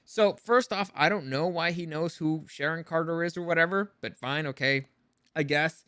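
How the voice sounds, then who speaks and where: A man delivering a ranting review, sarcastic and fed up, with frequent swearing. His voice sits fairly high and sounds bright and forceful. The recording is close and dry. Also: moderate pace, smooth, no echo. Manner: exasperated, sarcastic, swears freely.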